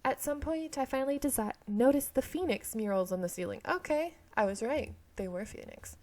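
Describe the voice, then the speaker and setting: A woman's voice: high-pitched, animated, brisk, darkish tone. A woman reading a romance visual novel aloud, often stumbling and correcting herself, with chatty asides. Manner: reads narration, stumbles and self-corrects, laughs at herself. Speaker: game streamer reading aloud.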